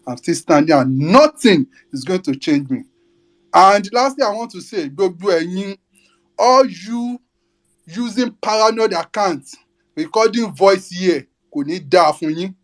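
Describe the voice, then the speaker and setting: Nigerian male caller, high-pitched, defiant political rant, fiery and cursing. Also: expressive, unhurried. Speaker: caller in a live audio space.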